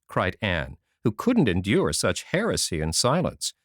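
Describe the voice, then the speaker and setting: A man narrating a classic children's novel in an expressive, measured reading voice. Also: low voice, dry recording, studio quality. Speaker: audiobook narrator. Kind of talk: scripted storybook narration.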